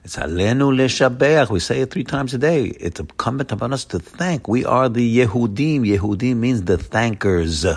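A man teaching a Torah class as a rabbi, emphatic, swinging between loud exclamations and low murmurs and repeating words for stress. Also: lively intonation, normal speed, hardly any pauses, slightly rough.

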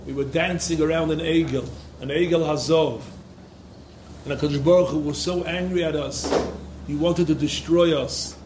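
A man's voice: a little high, darkish tone, slight background noise. A man giving an impassioned Torah lecture to yeshiva students, repeating phrases for emphasis. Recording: echoey room.

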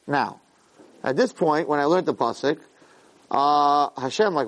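A man teaching a Torah lesson in an animated way, acting out quotes and repeating words for emphasis. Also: on the high side, unhurried, long pauses. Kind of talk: Torah lecture.

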